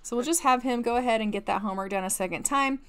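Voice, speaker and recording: A woman's voice: fairly high pitch, fast, smooth. A woman giving casual gameplay commentary, chatty and full of filler words, laughing often. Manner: chatty, full of "like" and "you know". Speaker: let's-play creator.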